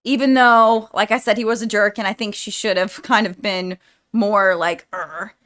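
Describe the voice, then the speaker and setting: Chatting to viewers about a film she just watched, this young vlogger speaks at medium pitch with a steady tone and moderate pace. Her talk is rambling, heartfelt, and full of "like."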